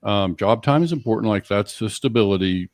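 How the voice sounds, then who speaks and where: A man's voice: fairly low pitch, lively intonation, fairly quick, no echo. A man co-hosting a podcast, summarizing and questioning his guest in a reflective way with restarts. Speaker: podcast co-host and coach. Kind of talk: podcast interview.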